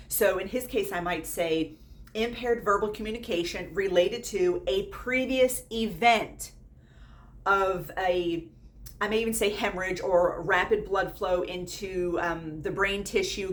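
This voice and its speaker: Blunt nursing teacher, a woman. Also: fairly low pitch. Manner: blunt, lively, quotes students in put-on voices. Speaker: nursing instructor. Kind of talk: casual teaching talk.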